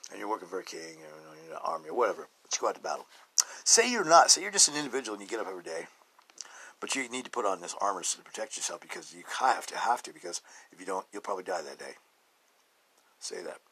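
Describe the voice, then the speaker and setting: A deep-voiced man talks his way through a loose, rambling spiritual podcast monologue. His voice has a gravelly fry and a husky, breathy edge. He chuckles often and swings between hushed murmurs and loud outbursts. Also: poor audio. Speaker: podcast host.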